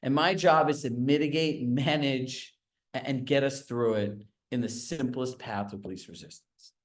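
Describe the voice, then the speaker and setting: A man leading a live coaching call on a video call, talking with quick asides and quizzing his group. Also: medium pitch. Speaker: real estate sales coach.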